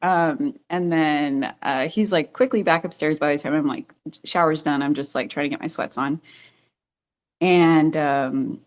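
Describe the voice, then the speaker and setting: A woman's voice: deep voice, unhurried. A woman telling her own story as a podcast guest, chatty and full of fillers, often laughing as she goes. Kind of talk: casual storytelling.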